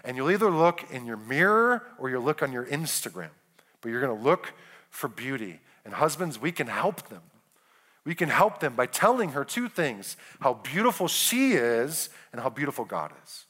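A man's voice: mid-range voice, big pitch swings, pushed and bright. A man preaching a sermon to married couples, earnest, often checking in with "right?" and restarting his phrases. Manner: earnest, keeps asking "right?" with quick restarts. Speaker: pastor.

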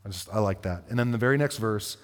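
A man preaching a sermon, reading scripture and explaining it in a conversational way, asking the listeners questions and slowing down for the verses. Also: on the low side. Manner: conversational, asks the congregation questions. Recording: long hall reverb.

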